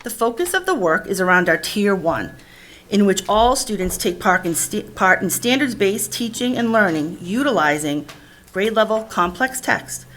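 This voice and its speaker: A woman, a district literacy administrator, reading a formal, measured presentation narration. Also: mid-range voice, lively intonation, a bit bright.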